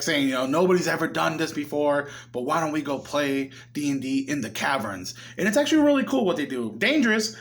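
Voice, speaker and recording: A man's voice: on the high side, fairly bright tone. Chatty young man recapping a movie. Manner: chatty, acts out the characters' lines. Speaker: movie reviewer.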